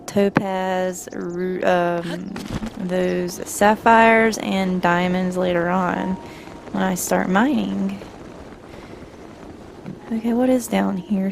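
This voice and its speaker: A woman's voice: medium pitch, fairly even intonation, slow pace, vocal fry, noisy background. A woman from Georgia with a Southern accent, chatting casually through gameplay commentary, rambling and correcting herself as she goes. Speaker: gaming channel host.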